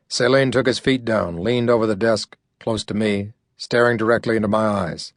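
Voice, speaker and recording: A man reading a hardboiled first-person audiobook, gruff and sardonic in a dry, deadpan way. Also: lowish voice, normal speed, few pauses, no echo. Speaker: audiobook narrator.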